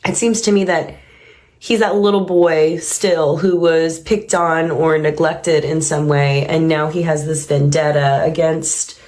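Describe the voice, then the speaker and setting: Earnest low-voiced woman reaction host. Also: a little mellow. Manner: earnest, reflective musing. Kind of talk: reaction commentary.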